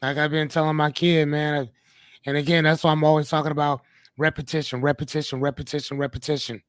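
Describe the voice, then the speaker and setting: A man's voice: fairly high pitch, flat delivery, brisk, fairly bright tone, clear, resonant tone, no echo, studio quality. A man hosting a podcast in a casual, rambling way, often correcting himself and talking to his listeners. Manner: rambling, self-correcting, talks to the chat. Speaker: podcast host.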